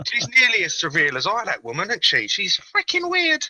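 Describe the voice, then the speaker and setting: A man's voice: high-pitched, huge pitch swings, normal speed, pushed and bright, dry recording, rough recording. A man calling in to a video call-in show, talking in a crude, sarcastic way and swearing freely. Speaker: caller. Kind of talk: casual video call-in chat.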